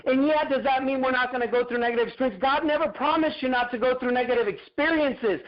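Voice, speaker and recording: A man's voice: very high-pitched, fairly quick, few pauses, dull audio. A man giving a fervent, preacher-like motivational talk on a group video call, repeating his phrases. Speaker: motivational speaker.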